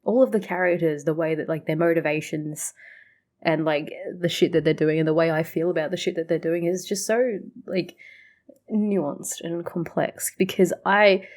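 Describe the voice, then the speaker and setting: A woman's voice: fairly low pitch, fairly even intonation, moderate pace, a little mellow. A woman hosting a reaction video, chatting casually, swearing freely and rambling through her thoughts. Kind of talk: casual chat reacting to a show.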